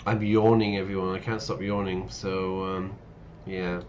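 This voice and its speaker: A man's voice: sits low, completely flat delivery, a little slow. A man streaming a game and teaching English, playfully explaining words with many yeah? asides. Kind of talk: casual commentary while playing. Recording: dull lo-fi mic with faint noise.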